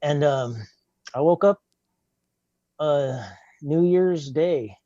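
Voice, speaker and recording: A man's voice: a little high, drawn-out words, dark tone, no room sound, highs cut off. An older man tells his own life story in plain, earnest words, often acting out what he said back then. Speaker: guest telling his testimony. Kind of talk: personal testimony, casual storytelling.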